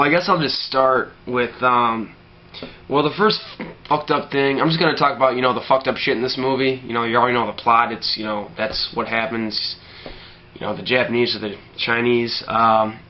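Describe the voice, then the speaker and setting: A man's voice: mid-range voice, highs cut off. A man ranting casually about a film, rambling with lots of fillers and heavy swearing. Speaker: movie ranter.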